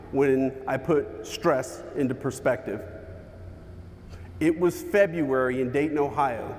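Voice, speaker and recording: A man giving a motivational keynote, telling a personal story with dramatic pauses and shifts in pace. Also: on the high side, darkish tone, in a large hall, a little hiss or hum. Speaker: keynote speaker. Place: large hall with an audience.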